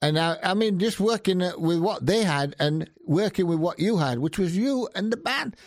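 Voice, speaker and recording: A man hosting a casual interview, enthusiastic and quick to praise his guest. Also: high voice, lively intonation, no room sound, studio quality.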